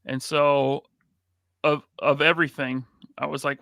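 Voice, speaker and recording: A man's voice: a little high, steady tone, vocal fry, pushed and bright, no echo, studio quality. A man hosting a live podcast, greeting chat members by name in a casual, upbeat way. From United States. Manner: reads out chat names with quick greetings. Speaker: podcast host.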